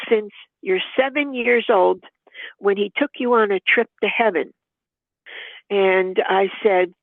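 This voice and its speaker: A woman's voice: medium pitch, vocal fry, no room sound. An older woman, a podcast guest, telling a heartfelt personal story in an earnest, devout way and acting out remembered dialogue. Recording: tinny phone-like line, dry.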